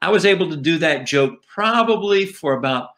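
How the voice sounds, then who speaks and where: Bright-voiced middle-aged comedian. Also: male voice, a little high, moderate pace. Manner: animated anecdotes with jokes. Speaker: comedian ventriloquist guest. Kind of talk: casual storytelling interview.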